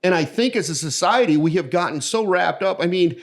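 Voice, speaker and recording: Brief: middle-aged midwestern man, slightly high voice, animated anecdote teller. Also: brisk. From American Midwest. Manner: animated storyteller who acts out the voices in his anecdotes. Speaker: podcast guest. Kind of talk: casual storytelling conversation.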